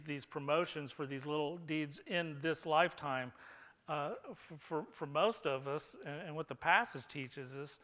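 A male pastor preaching a sermon, emphatic, moving between hushed, slowed phrases and loud bursts. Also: on the high side, big-room sound.

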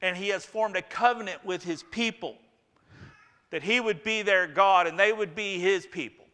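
Man, pastor, high clear voice, joking sermon, echoey hall. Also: normal speed, pushed and bright. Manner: conversational, plays out the prophet's complaint with humor.

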